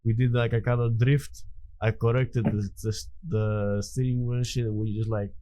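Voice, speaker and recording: A man's voice: medium pitch, flat delivery, moderate pace, dark tone, dry recording. A man telling a story in casual chat, rambling with many fillers and restarts. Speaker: podcast guest.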